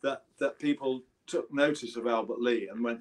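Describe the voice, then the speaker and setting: At medium pitch, animated, a little fast, and a bit bright, a 70-something English musician chats as an interview guest. His anecdotes wander, with plenty of restarts.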